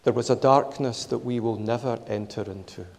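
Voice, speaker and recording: A man preaching a sermon in a measured, emphatic way, repeating his key phrases. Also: medium pitch, creaky, darkish tone, in a large hall.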